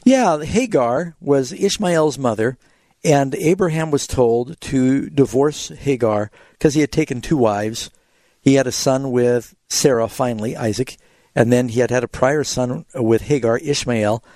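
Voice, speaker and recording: A man's voice: mid-range voice, unhurried, a little mellow, no echo. Man hosting a Bible call-in show. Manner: explanatory, tells illustrative stories. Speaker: radio call-in show host and pastor. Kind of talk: radio Bible question call-in.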